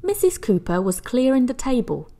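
A woman reading a children's picture book aloud with expressive storytelling. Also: on the high side. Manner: slow, expressive, hushed at the end. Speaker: storybook reader.

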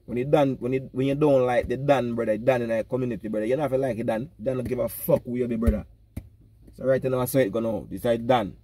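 Talking fast at medium pitch, this Jamaican-accented comic vlogger adopts a pastor persona for a rambling, funny rant. He's animated and preachy, rhythmically peppering his speech with "brother." A little hiss or hum sits under the recording.

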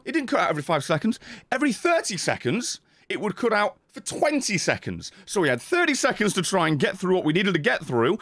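A man's voice: sits high, no echo, clean studio sound. A young man streaming a game, ranting casually with lots of swearing and reading out his viewers' names. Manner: swears constantly, animated and exasperated. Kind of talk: casual live-stream rant.

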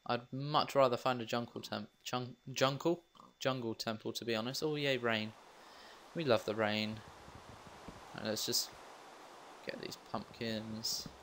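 A young man chats his way through a gameplay session. He drifts between thoughts, answers his own questions and pokes fun at himself. His pitch sits in an ordinary middle range, and faint noise hangs behind the voice. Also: fairly even intonation, a little slow, pauses often, a bit bright. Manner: rambling, self-mocking asides. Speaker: let's play gamer. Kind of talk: casual gameplay commentary.

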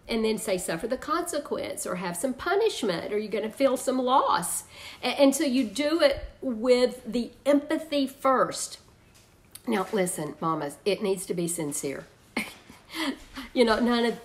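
A woman teaching an online parenting class, chatty, laughing often and reading out viewers' comments. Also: fairly high pitch.

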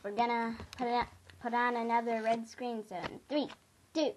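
A woman's voice: on the high side, fairly even intonation, moderate pace. A young girl directing what to do next in a home video, a bit bossy. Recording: noisy home recording.

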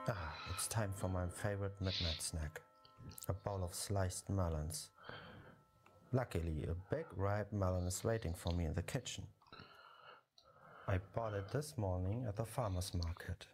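A man's voice: deep voice, unhurried, a little mellow, faint music behind. An actor playing a pompous, self-important man who collects melon things, speaking in a grandiose way.

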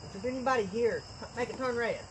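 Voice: medium pitch, quick pace, noisy background. A ghost-hunting vlogger talks nervously to viewers, repeating phrases over and over, filmed outdoors at night on a camera set on a tripod. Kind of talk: casual vlog narration.

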